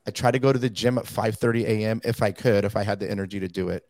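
A man's voice: lowish voice, fairly even intonation, rapid-fire, darkish tone, no room sound. A man, a podcast guest, talking in a blunt, slangy, emphatic way. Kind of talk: casual podcast talk.

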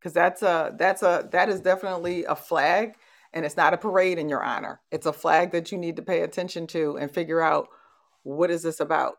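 A woman's voice: lowish voice, steady tone, brisk. A middle-aged woman hosting a conversational motivational talk, telling stories and laughing easily. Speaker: host.

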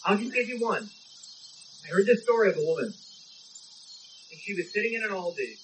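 A man's voice: sits high, animated, normal speed, a bit bright, slight background noise, rough recording. A man preaching a sermon, telling a story in an emphatic, conversational way. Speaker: pastor.

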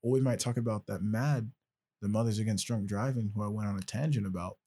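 A man's voice: lowish voice, fast, dark tone, slightly rough. A man hosting a podcast in casual chat, loose, joking and rambling. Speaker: podcast host.

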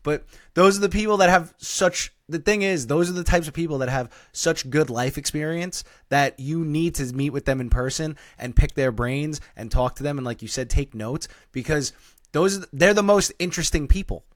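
A man's voice: fairly high pitch, normal speed, dry recording, studio quality. A man hosting a podcast in casual chat, laid-back and agreeable, often repeating his points. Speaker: podcast host.

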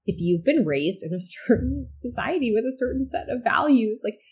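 A woman's voice: fairly high pitch, animated, normal speed, darkish tone, slightly rough. A woman chatting casually as co-host, reacting emphatically to a film recap. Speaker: podcast co-host. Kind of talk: casual chat.

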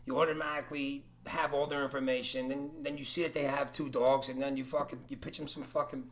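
A man co-hosting a podcast, talking excitably and swearing often. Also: medium pitch, fast talker. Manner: excitable, swears a lot, repeats himself. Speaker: podcast co-host. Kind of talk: casual podcast chat.

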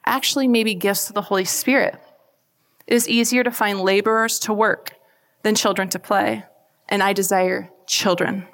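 A woman giving a faith talk to a live audience, chatty and animated, often asking the crowd questions. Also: medium pitch. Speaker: speaker at a church event. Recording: long hall reverb.

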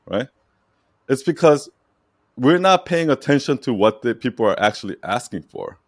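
Low-voiced man coaching emphatically. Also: sing-song, quick pace, dry recording, clean studio sound. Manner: emphatic, repeats phrases, frequent "right?" and light laughs. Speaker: brand strategy coach. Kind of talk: casual coaching session.

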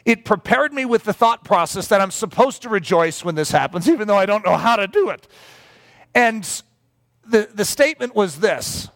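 Animated middle-aged male preacher. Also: high voice, moderate pace. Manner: animated, breaks into lively acted-out quotes. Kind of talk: storytelling sermon.

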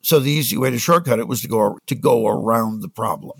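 Gravelly husky man telling industry stories. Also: medium pitch, quick pace, dry recording. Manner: anecdotal, acts out quoted dialogue. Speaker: music industry executive, guest. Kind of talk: conversational storytelling.

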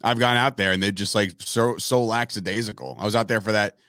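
A man's voice: fairly low pitch, fairly even intonation, a little fast, a bit bright, no room sound, studio quality. A man giving emphatic, profane opinions as a podcast co-host in casual sports chat.

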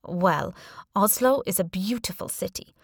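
A woman's voice: mid-range voice, measured pace, slightly rough, no echo, studio quality. A woman voicing a thin, smug Norwegian woman who speaks in a cool, probing way.

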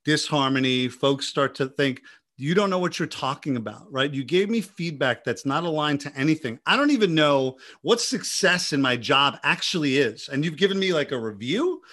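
A man co-hosting a podcast, telling stories in a casual, animated way with many restarts. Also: fairly high pitch, normal speed. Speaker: podcast co-host.

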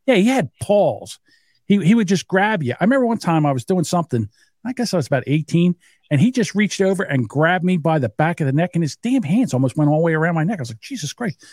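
Man in his fifties, higher voice, dry close sound, salty storyteller, casual podcast chat. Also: sing-song, fast, a little mellow, no room sound. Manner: storytelling, profane, acts out quotes. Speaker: podcast co-host.

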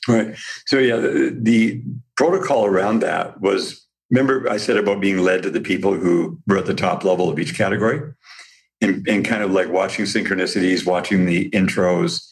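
A man's voice: low voice, steady tone, moderate pace, vocal fry. A man as the guest in a casual interview, talking enthusiastically and telling stories, with frequent restarts and small laughs. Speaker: guest, company founder.

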